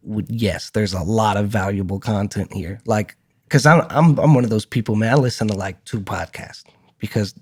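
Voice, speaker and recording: A man co-hosts a podcast in loose, friendly chat, his voice sitting a little on the low side. He talks with energy and often trips into repeated words before landing his point. Laughter slips in between his thoughts. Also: a little mellow, breathy edge. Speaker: podcast co-host. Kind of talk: casual chat.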